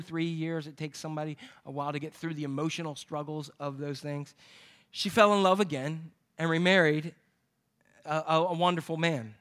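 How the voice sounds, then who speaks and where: High bright-voiced male preacher. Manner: lively storytelling with jokes to the congregation. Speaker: pastor. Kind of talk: sermon.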